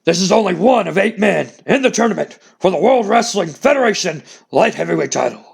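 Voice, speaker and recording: A man's voice: sits high, lively intonation, brisk, creaky, slightly rough, pitched above the performer's own voice, heavily acted. A man voicing a wrestling promoter making a formal announcement. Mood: announcing.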